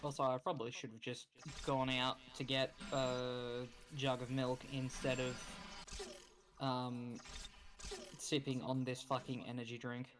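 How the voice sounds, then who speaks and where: A woman's voice: a bass voice, level tone, a little slow, background noise. An Australian woman streaming a video game, chatting casually and swearing freely as she cheers on the player. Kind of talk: casual gameplay commentary. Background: game music.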